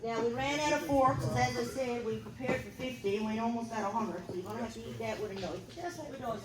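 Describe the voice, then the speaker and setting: A woman's voice: a little high, fast talker. A woman from Newfoundland with a Newfoundland accent, hosting a ceremony in a folksy, joking way. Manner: folksy, joking, loud to a crowd. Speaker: ceremony host. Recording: roomy hall from a distance with crowd.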